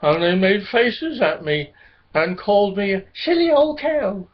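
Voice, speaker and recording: A man's voice: high voice, animated, a little slow, voice pushed up. A man voicing a sad, lonely female cow in a children's storybook reading, with a mournful, whiny delivery. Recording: dull lo-fi recording.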